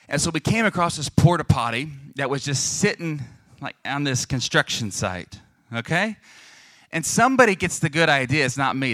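A young man preaching a lively, joking sermon to a congregation, acting out the voices of people in his stories. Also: a little high, dry recording, studio quality. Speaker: pastor.

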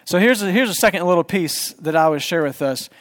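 Man, forties, pastor, high voice, chatty sermon, asks the room questions. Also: lively intonation, fairly quick, fairly bright tone. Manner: conversational, asks the congregation questions. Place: church.

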